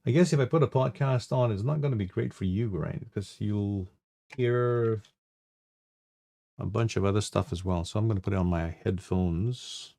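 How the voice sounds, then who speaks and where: A man with a low voice talks through his trades live as the stream's host. His voice has a gravelly fry, and he thinks aloud in a halting way, restarting and trailing off. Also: mellow. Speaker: trading livestream host. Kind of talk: live trading commentary.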